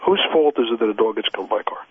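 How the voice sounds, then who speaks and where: A man's voice: fairly low pitch, expressive, rapid-fire, no echo. A man, a dog trainer and expert witness, speaks as a radio interview guest, emphatic and repeating his points. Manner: emphatic, repeats points, acts out owners' excuses. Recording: dry, husky, phone-like radio line.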